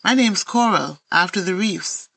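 A woman's voice: medium pitch, unhurried, creaky, fairly bright tone. A woman with an Antiguan accent voicing a laid-back, friendly young male jellyfish in a children's story, talking in breezy, easygoing banter.

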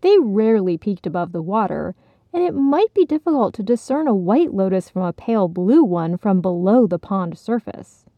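A woman narrating a children's storybook in a calm, measured way. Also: mid-range voice, no room sound, highs cut off.

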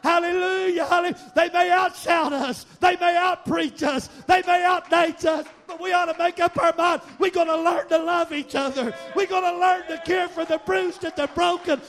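A man preaching a fiery sermon, shouting and half-singing his repeated lines. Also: very high voice, steady tone, moderate pace, gravelly, few pauses. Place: church sanctuary.

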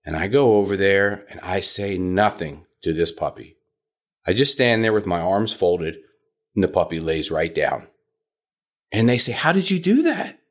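A man hosting a podcast as a puppy trainer, talking in an instructive monologue and sometimes mimicking shrill dog owners. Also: measured pace. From South Florida.

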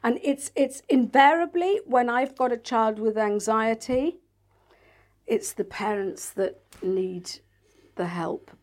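Chatty woman, higher voice. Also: takes it slowly. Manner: chatty, acts out quoted voices of parents and kids. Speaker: guest, NLP practitioner and author. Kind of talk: casual interview talk.

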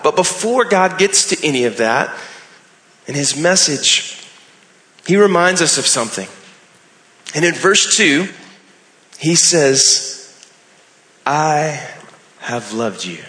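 Earnest male pastor, sermon delivery, bright tone, roomy echoing church. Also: fairly high pitch. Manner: earnest, builds to emphatic rising phrases. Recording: echoey hall with long reverb.

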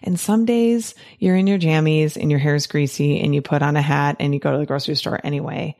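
Low-voiced, enthusiastic middle-aged woman coach. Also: steady tone, a little fast, a little mellow. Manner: enthusiastic and emphatic, tag questions. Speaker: life coach. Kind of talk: reading a picture book aloud and reflecting.

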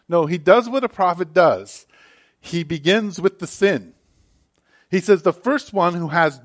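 A man pastor preaching a sermon, reading scripture and then talking it through in a relaxed, conversational way with frequent asides to the listeners. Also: on the high side. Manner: conversational and animated, many "right?" and "like" asides.

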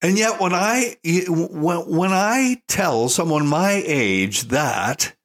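A man's voice: fairly high pitch, animated, slow, fairly bright tone. An older man giving an opinionated monologue as a parenting commentator, folksy and emphatic, calling listeners "folks". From United States.

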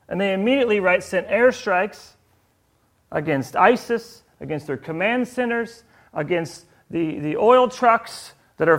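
Male preacher, high voice, animated, quizzes the congregation with rhetorical questions. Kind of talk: sermon.

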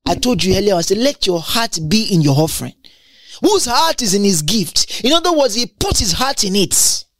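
A woman teaches from the Bible in an excited, exclamatory manner, stumbling over and repeating words as she explains each verse. Her pitch rises and falls freely. The recording is dry and close, with no room sound. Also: normal speed, dry recording.

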